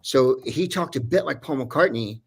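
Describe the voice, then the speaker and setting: Male voice actor as a chatty guest, rambling through a story, full of fillers, mid-pitched. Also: normal speed, husky. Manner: rambling, digressive, many fillers. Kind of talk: casual anecdote telling.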